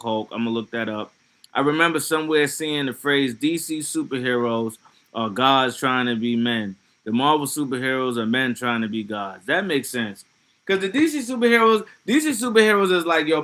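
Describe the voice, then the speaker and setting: A man's voice: medium pitch, a bit bright. A man streaming live, chatting casually and reacting to chat comments in a loose, profane way with laughing asides. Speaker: livestreamer.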